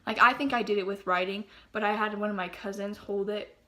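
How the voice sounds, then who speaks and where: A teenage girl telling a story casually, full of "like" fillers, often dropping to a hushed whisper. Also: medium pitch, steady tone, a little fast. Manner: filler-heavy, breathless, drops to hushed whispers. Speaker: vlogger.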